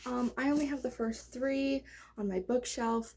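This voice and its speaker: A woman's voice: a little high, normal speed, mellow, slight background noise. A young woman chatting casually about books she loves, rambling with lots of fillers and restarts. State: out of breath. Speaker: book vlogger. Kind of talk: casual book review chat.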